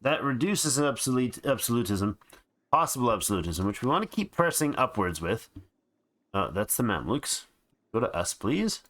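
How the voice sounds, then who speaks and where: A man's voice: mid-range voice, big pitch swings, normal speed, a bit bright. Man, let's play host, tired, yawning, thinking aloud, casual game commentary, frequent restarts.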